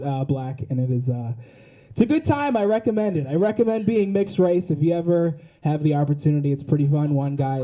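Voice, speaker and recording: A young man doing a stand-up set on a club stage, telling animated stories and slipping into other people's voices. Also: fairly high pitch. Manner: animated storytelling with put-on voices. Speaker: stand-up comedian.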